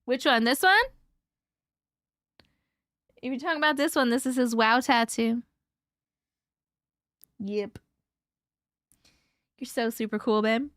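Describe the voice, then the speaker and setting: Bright-voiced lady chatting on a live stream, kinda high, slightly worn voice, super dry close mic. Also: fairly even intonation, slow, pauses often, dry recording. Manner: chatty, swearing, laughs often. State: voice a little worn. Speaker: host. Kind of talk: casual live-stream chat.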